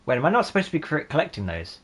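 A man's voice: a little high, sing-song, racing, breathy edge. A man in his twenties giving sarcastic, jokey let's-play gaming commentary and laughing often. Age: 20s. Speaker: gaming channel host.

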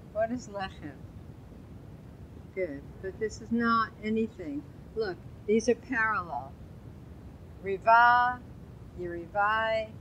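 A woman's voice: mid-range voice, fairly bright tone, lo-fi sound, a little hiss or hum. A woman teaching an informal Hebrew Bible lesson, chatty and quizzing her class. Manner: chatty, asks the class questions, loose asides.

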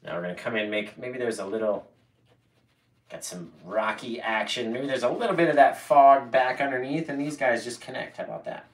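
A playful, excitable man talks a live audience through a painting, echoing words back as he works. His voice sits in a roomy space, picked up from a distance off the mic, with a middle pitch for a man. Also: a little fast. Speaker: painting instructor.

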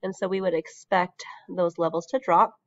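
Woman teacher with a sick voice, recorded lesson, steady explaining, dry, slightly dull sound. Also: on the low side, moderate pace, dry recording. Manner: steady explaining with frequent ums. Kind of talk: recorded lesson over slides.

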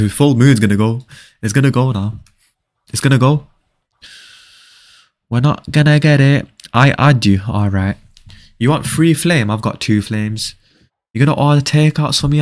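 A young man chatting casually with viewers during a live game stream, often repeating short phrases. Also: lowish voice.

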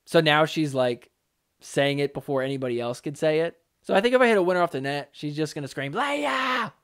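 A man's voice: fairly high pitch, fast talker, clean tone. A man hosting a solo pickleball commentary podcast, talking casually and joking around. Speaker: podcast host.

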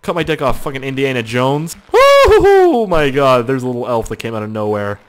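A young man doing loud, excitable gaming commentary, swearing, yelping and shouting as he plays. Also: medium pitch, fast. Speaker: gaming YouTuber.

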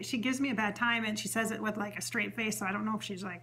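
Bright-voiced woman rambling through a channeling session. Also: mid-range voice, steady tone, fast, hardly any pauses, breathy edge. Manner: rambling, chatty, with many fillers and restarts; earnest and emotional, relaying what a spirit says. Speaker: psychic medium host. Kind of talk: spontaneous channeling session monologue.

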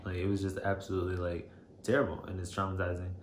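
A man telling a personal story to camera, shaken and emotional, halting and hesitant with many fillers. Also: deep voice, level tone. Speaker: vlogger. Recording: roomy echo, faint background noise.

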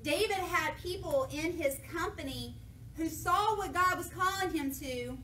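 Woman preacher, high bright voice, lively and jokey, heard from a distance in an echoey church. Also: measured pace, slight background noise. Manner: lively, jokey, acts out voices of people in the story. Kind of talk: sermon with playful paraphrase.

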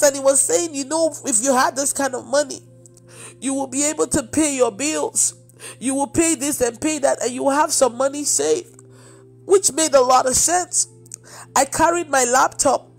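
A woman's voice: high voice, gravelly. A woman preacher giving an emotional testimony, acting out the dialogue as she tells it. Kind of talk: testimony sermon.

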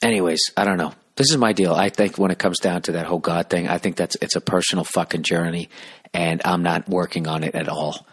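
A man hosting a podcast, rambling through a comedic monologue in a hushed, half-whispered voice with constant swearing. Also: low voice, fairly even intonation, a little fast, slightly rough. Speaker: podcast host.

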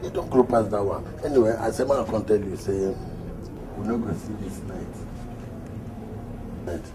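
A cocky, smooth-talking hustler played by a man with a Nigerian Pidgin accent, his voice sitting low. He teases and brags in a swaggering way. The location sound carries a steady noise behind him. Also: normal speed, lightly acted. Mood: boastful. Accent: Nigerian Pidgin English. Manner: teasing, swaggering pidgin banter. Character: boastful smooth-talking male hustler, cheeky, flirtatious. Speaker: boastful suitor. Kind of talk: Nollywood comedy film acting.

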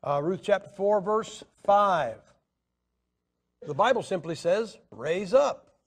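Guy with a high voice preaching, pushy rhetorical questions, lots of ums. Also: animated, takes it slowly, breathy edge. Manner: argumentative, rhetorical questions, hesitant fillers. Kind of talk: Bible teaching lecture.

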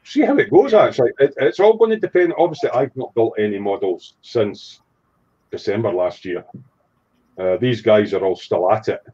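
A man's voice: fairly low pitch, expressive, moderate pace, mellow, breathy edge. Male stream host, chatty and jokey, lo-fi audio. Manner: chatty, jokey, reads out chat messages. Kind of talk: casual live chat.

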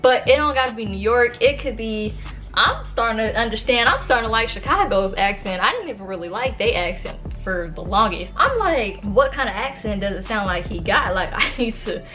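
A young woman from Sacramento in her early twenties, telling a story to camera in a casual, chatty way. Her voice sits a little high, and she keeps filling the gaps with "like" and calling out to her viewers. Faint music plays underneath. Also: lively intonation, fairly quick, bright, forceful tone. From Sacramento, California. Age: early 20s. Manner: chatty, filler-heavy, addresses viewers as y'all. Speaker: vlogger.

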